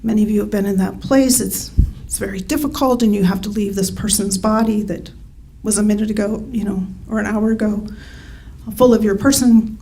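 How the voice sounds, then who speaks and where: A woman's voice: medium pitch, steady tone, fairly quick, dark tone, slight background noise, poor audio. A middle-aged woman telling a true story at a live storytelling event into a stage microphone, wry and often breaking into laughter.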